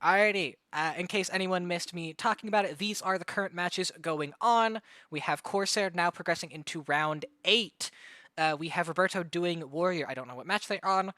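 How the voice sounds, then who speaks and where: A high, bright male voice calling a live game match at full tilt. He is hyper and a little out of breath, with sudden shouts when a big play lands. The sound is dry and close to the mic. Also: normal speed, dry recording. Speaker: tournament caster and streamer. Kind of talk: live esports commentary.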